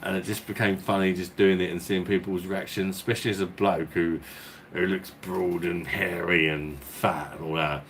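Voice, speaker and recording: Beer-channel host, man, low voice, casual and sweary, rambling chat. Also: little pitch movement, normal speed, a little hiss or hum. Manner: rambling, swearing, chuckling as he talks. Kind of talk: casual storytelling chat and viewer Q&A.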